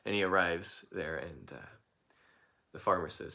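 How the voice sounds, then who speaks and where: A man casually telling a folk tale in a playful, lively way, throwing in animal noises. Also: low-pitched, a little slow, gravelly. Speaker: storyteller.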